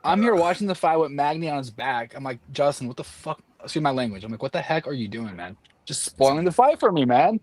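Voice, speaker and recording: Guy on a stream panel telling a story, higher voice, super lively. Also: fast, hardly any pauses. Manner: animated storyteller, acts out what others yelled. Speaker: panel guest. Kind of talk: casual live-stream chat.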